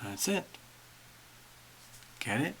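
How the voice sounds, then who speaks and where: A man's voice: fairly high pitch, big pitch swings, very slow, a bit bright, a little hiss or hum. A man hosting a casual astrology livestream, chatting animatedly to viewers while drawing charts.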